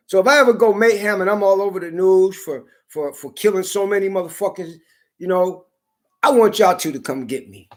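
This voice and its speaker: High-pitched man ranting with profanity. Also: normal speed. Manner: heated, swearing, rising into shouts.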